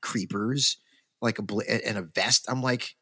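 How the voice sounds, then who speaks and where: A man, a podcast co-host, telling a long story in casual chat, rambling and animated with many fillers and restarts. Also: fairly low pitch, a little slow, breathy edge, no echo, studio quality.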